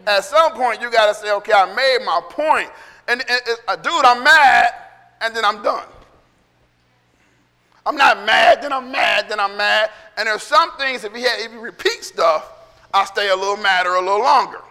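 Give me a high, bright-voiced male pastor preaching. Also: moderate pace, in a large hall. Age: middle-aged. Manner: conversational preaching with acted-out quotes and laughter. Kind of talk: sermon.

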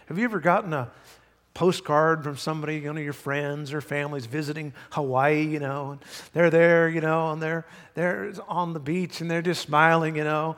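A man's voice: a little high, steady tone, moderate pace, fairly bright tone, in a large hall. A male pastor preaching a sermon in a church, folksy and emphatic with many asides. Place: church sanctuary.

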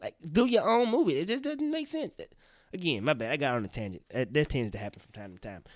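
A man's voice: fairly high pitch, fast talker, no room sound, clean studio sound. A young man hosting a podcast, ranting in casual news commentary, profane and prone to tangents. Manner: animated, profane, goes off on tangents. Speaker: podcast host.

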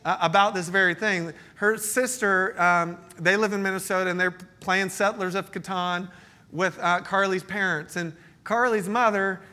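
A man's voice: sits high, moderate pace. A man in his thirties preaching a sermon as pastor, joking and telling stories. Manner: storytelling, joking, animated. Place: church meeting space.

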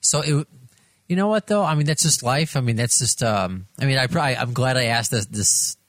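A man's voice: medium pitch, brisk, dry recording. A man hosting an interview, asking rambling questions with many restarts. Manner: rambling, repeats words when asking questions. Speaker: interviewer host. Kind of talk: casual interview.

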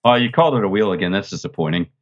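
A man co-hosting a casual podcast, answering trivia with deadpan, playfully sarcastic jokes. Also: lowish voice, very fast, highs cut off. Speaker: podcast co-host playing contestant.

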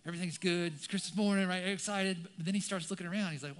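A man preaching a sermon to a congregation and online viewers, animated and conversational, often checking in with "right?". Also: high-pitched, fast talker. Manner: animated, keeps asking "right?". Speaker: pastor. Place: church, some viewers online.

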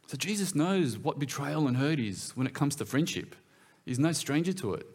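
A male preacher gives a sermon in a church. His delivery is relaxed and conversational, with a voice that swings freely up and down in pitch. He keeps drawing his listeners in with questions. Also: normal speed. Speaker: pastor.

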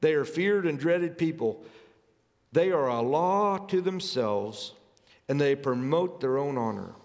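A man's voice: fairly high pitch, lively intonation, a little slow, darkish tone. A man preaching a sermon, reading scripture aloud and urging his listeners with earnest, rising emphasis. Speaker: pastor. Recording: long hall reverb.

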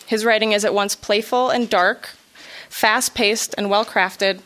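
Woman giving a measured, prepared introduction. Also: mid-range voice, fairly even intonation, fairly bright tone. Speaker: writing workshop teacher introducing a reader.

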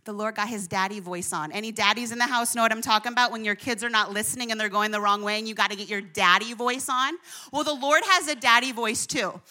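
Bright high-voiced woman preaching. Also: quick pace. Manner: animated, humorous storytelling with asides to the audience. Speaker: pastor. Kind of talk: sermon with personal stories.

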